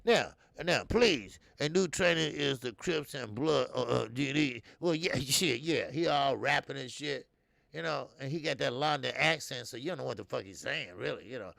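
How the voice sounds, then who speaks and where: A man's voice: mid-range voice, lively intonation, normal speed, vocal fry, a bit bright, no echo, studio quality. A man hosting a boxing talk show, rambling and swearing freely while he answers viewer comments. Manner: loose, profane and rambling, with many fillers. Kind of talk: casual live-stream commentary.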